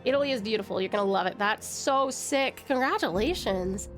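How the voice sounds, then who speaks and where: Chatting on a relaxed live stream, an upbeat Australian woman welcomes viewers with sweet nicknames while game music plays faintly. She speaks briskly in a voice on the high side, with a slightly bright tone.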